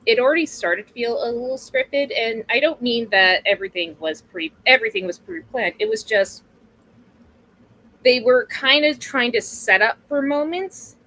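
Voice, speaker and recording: A woman in her mid-thirties, appearing as a guest streamer in an interview, rambles casually, laughs often, and swears freely. Her voice is mid-range and fairly bright, though the audio quality is poor.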